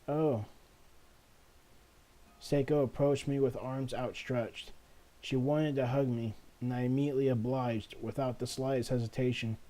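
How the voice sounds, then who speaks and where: A man's voice: medium pitch, fairly even intonation, a little slow, mellow, lightly acted. A man reading a game's first-person narration as a frightened teenage schoolgirl, earnest and desperate in tone. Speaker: let's player. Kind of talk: reading game text aloud.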